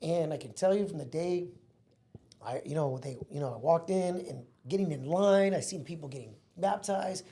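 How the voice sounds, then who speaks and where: A man in his thirties from Mexico, a podcast guest, tells a heartfelt personal story in an earnest, casual way, calling the listener "bro" and "man." His voice is on the high side and mellow, at normal speed.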